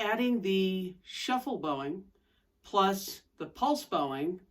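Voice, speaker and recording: A woman's voice: fairly low pitch, expressive, slow. Woman fiddle teacher explaining bowing. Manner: clear step-by-step explaining, demonstrating on fiddle. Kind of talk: instructional lesson. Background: fiddle playing between explanations.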